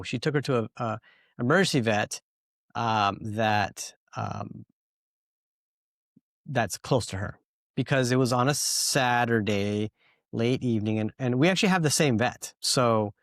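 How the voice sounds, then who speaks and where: A man's voice: medium pitch, unhurried, no echo, studio quality. A man hosting a podcast, telling a story in a rambling, casual way full of fillers. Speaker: podcast host.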